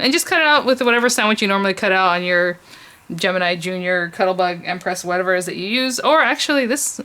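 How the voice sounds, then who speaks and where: A woman's voice: mid-range voice, pushed and bright. A woman hosting a casual crafting tutorial, thinking aloud with frequent restarts and little laughs as she works at her desk. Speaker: crafting channel host.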